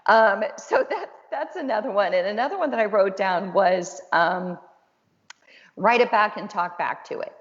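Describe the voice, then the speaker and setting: A woman's voice: medium pitch, animated, normal speed. A woman host and counselor talking casually and encouragingly, with a chatty, self-deprecating way of speaking. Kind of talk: casual conversational webinar talk. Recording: dull lo-fi audio with long reverb.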